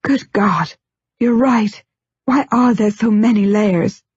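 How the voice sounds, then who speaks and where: A woman putting on a gruff, low-muttering grown man, impatient and ardent, for an audiobook. The voice sits lower than her own and comes across a little husky. The recording is dull and lo-fi in a dry room. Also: takes it slowly, darkish tone, no echo.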